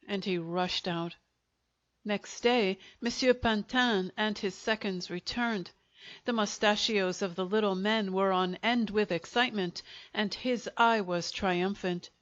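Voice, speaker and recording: A woman reading a short story aloud as an audiobook narrator, in a measured storytelling manner. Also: mid-range voice, steady tone. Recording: dull, lo-fi audiobook recording.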